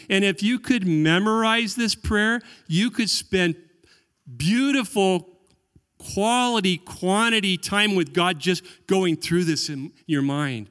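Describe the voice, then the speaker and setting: Male pastor, higher voice, earnest sermon delivery, long hall reverb. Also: lively intonation, unhurried. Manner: earnest preaching, drops to quiet voice for quoted prayers.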